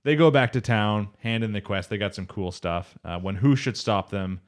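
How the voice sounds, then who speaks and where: A man's voice: fairly low pitch, normal speed. A man co-hosting an anime podcast, recapping episodes in a loose, rambling way and quoting characters in his own voice. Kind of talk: casual chat.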